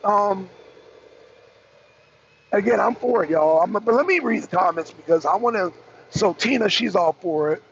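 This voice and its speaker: A hoarse man from the Southern US hosting a casual livestream, chatty, calling viewers y'all and clearing his throat often. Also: sits high, animated, moderate pace, pauses often, slight background noise. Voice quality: raspy, gravelly. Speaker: talk show host. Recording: dull lo-fi stream audio.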